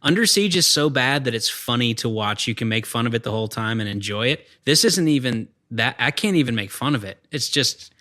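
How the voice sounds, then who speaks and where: Bright-voiced man, sarcastic and exasperated. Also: mid-range voice, lively intonation, a little fast, hardly any pauses. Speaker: podcast co-host. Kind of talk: casual movie review chat.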